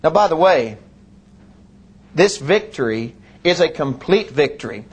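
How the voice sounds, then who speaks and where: A middle-aged man, preaching a sermon and telling a personal story in an earnest manner, slowing and dropping low on solemn lines. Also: lively intonation, breathy edge. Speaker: pastor.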